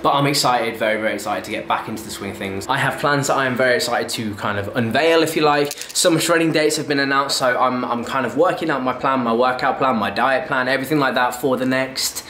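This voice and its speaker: Loud background noise fills the echoey home garage gym where a young fitness vlogger chats between sets. He talks fast with few pauses in a mid-range voice, rambling casually and often correcting himself.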